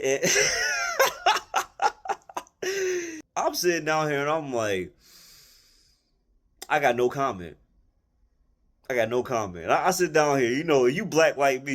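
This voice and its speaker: A man's voice: medium pitch, expressive, normal speed. Blunt, colloquial man telling a story. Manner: restarts and repeats phrases. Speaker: content creator telling his story. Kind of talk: casual storytelling monologue.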